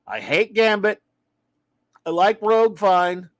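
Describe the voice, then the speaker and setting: High-voiced chatty man, dry close sound. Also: slow pace, no room sound. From Louisiana. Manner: rambling, opinionated, friendly with viewers. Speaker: livestream comics talk host. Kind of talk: casual live-stream chat reading viewer comments.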